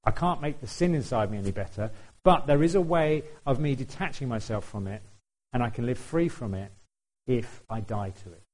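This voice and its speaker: A man's voice: mid-range voice, lively intonation, normal speed, a little mellow, rough recording. A man preaching a sermon in a conversational way, putting questions to the congregation and laughing now and then.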